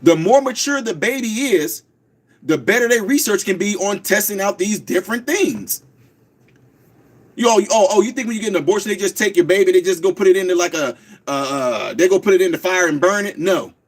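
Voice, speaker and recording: A high-pitched man hosts a live radio talk show. He speaks quickly and insistently, often repeating words slowly for emphasis. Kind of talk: fast call-in radio talk, streamed live.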